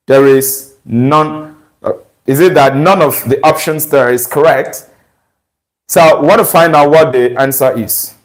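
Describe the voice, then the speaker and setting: Slow and deliberate, a man walks through English grammar exam questions and keeps asking rhetorical questions to check in. His voice is a little high, and the audio is poor.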